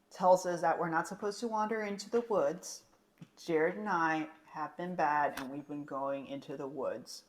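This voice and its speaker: Low-voiced young woman co-hosting a podcast. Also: a little hiss or hum. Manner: chatty, rambling with fillers. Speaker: podcast co-host. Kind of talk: casual podcast chat.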